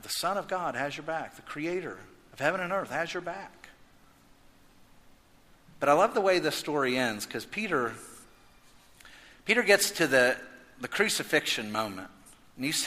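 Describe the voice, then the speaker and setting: Man, pastor, sermon, bright tone, echoey hall, loud-to-hushed swings. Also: fairly high pitch. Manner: animated, swings from loud emphasis to hushed intensity.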